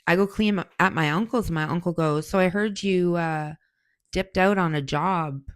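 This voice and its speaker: A woman's voice: on the low side, moderate pace, no room sound. Blunt, profane woman in her forties. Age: 40s. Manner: blunt, profane, heated storytelling. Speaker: podcast host. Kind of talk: casual monologue answering questions.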